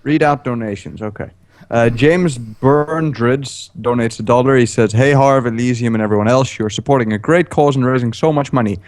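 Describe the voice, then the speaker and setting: A man's voice: medium pitch, normal speed, darkish tone. A man co-hosting a casual gaming livestream, reading out donations in a hesitant, laughing way.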